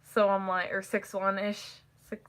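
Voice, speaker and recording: A teenage girl chatting casually to the camera, rambling and packing her talk with "like" and quick laughs. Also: medium pitch, flat delivery, smooth. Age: teens. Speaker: vlogger.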